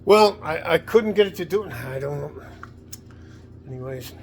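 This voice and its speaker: A man's voice: fairly high pitch, animated, moderate pace, creaky, slight background noise. A man vlogging in his home garage, talking in a rambling, profane, worked-up way. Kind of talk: casual vlog monologue.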